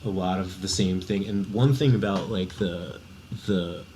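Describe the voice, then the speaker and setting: A man's voice: low-pitched, a little slow, dark tone. A man guesting on a casual podcast chat, hesitant, trailing off with lots of fillers. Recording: faint background noise.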